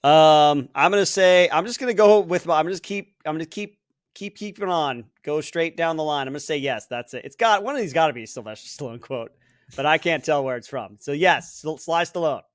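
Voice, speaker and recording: A man's voice: a little high, a little fast, no room sound, studio quality. A man co-hosting a podcast, guessing movie quotes, thinking aloud, hesitant, laughing easily. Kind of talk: casual podcast chat.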